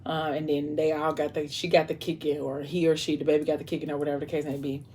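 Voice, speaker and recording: A woman's voice: deep voice, little pitch movement, fast talker, darkish tone, a little hiss or hum. A tired, sleepy woman casually retelling a story to camera, rambling with lots of fillers and restarts. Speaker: vlogger retelling a novel.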